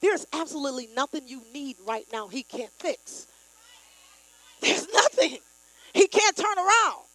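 A woman preaching a sermon, leading the congregation in call-and-response and rising to loud, emphatic declarations. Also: sits high, big pitch swings, unhurried, poor audio.

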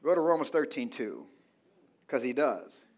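A man pastor a sermon with call-and-response, swinging from loud exclaims to soft asides. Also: mid-range voice, big pitch swings, unhurried.

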